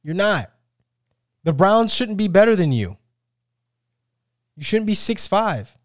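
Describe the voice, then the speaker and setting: A man's voice: sits high, slow, dry recording, studio quality. Ranting man talking football. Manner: animated, ranting, many restarts. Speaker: sports podcast co-host. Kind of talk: casual sports banter.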